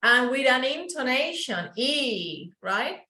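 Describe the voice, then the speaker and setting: A Colombian woman with a Paisa Spanish accent teaches an online English class in a roomy space. Her high voice is sing-song, pushed and bright, and she explains slowly, switches into Spanish and models sounds.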